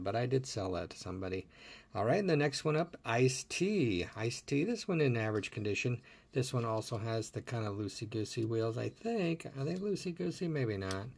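A man's voice: mid-range voice, slight background noise. A middle-aged man casually showing toy cars from his collection, thinking aloud and asking viewers what they would do. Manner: chatty and musing aloud, asking viewers questions. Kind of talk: casual hands-on show-and-tell.

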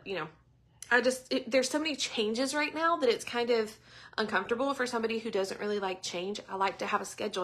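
A woman talks through a casual devotional in a bright, fairly high voice. She tells stories in a chatty, animated way, full of asides to her listeners. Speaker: ministry leader giving a devotional talk.

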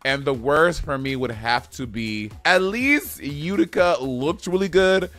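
A man's voice: a little high, animated, unhurried, a bit bright. A man co-hosting a casual TV review chat, blunt and sassy, with lots of cursing. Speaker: co-host of a TV review show.

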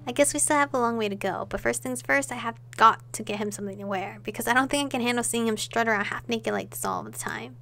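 A woman's voice: on the high side, quick pace, hardly any pauses, fairly bright tone. A woman reading a visual novel aloud, voicing every character and adding her own asides and laughs. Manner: reads dialogue and narration with side comments and laughs. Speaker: game playthrough reader.

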